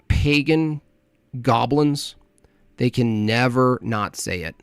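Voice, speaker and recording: A man's voice: medium pitch, takes it slowly, clean tone, no room sound. A man hosting a livestream, reacting to a clip with crude, mocking, rambling commentary.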